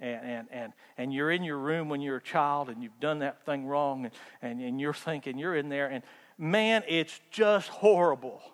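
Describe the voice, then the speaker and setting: A high-pitched male preacher delivering a lively sermon, building to loud emphatic bursts and dropping to quiet asides. His voice rings with the long reverb of a large hall. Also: moderate pace. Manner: animated storytelling, acts out voices, swings from loud to hushed. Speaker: pastor.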